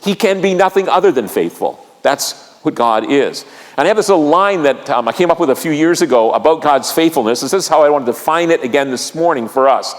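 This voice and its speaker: Earnest pastor preaching in a reverberant church. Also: male voice, on the high side, expressive, brisk. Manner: earnest, repeats key lines, asks the congregation questions. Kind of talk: sermon. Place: church sanctuary.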